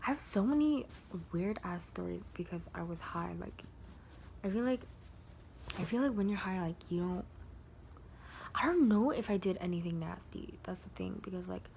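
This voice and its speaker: A young woman telling a casual storytime on her vlog. She rambles, leans heavily on "like", and sometimes drops into a soft whisper. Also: fairly low pitch, expressive, moderate pace, vocal fry, slight background noise. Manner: rambling, heavy use of "like" fillers. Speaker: vlogger.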